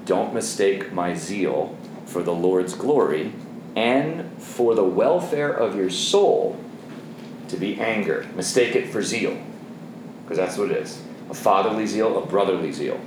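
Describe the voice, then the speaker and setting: A man's voice: sits low, animated, unhurried. Intense zealous man teaching men, roomy echo. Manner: intense and zealous, swinging from soft asides to forceful reading. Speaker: men's Bible study leader. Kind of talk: teaching a Bible study to a group of men. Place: roomy room with a seated group. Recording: roomy echo, faint background noise.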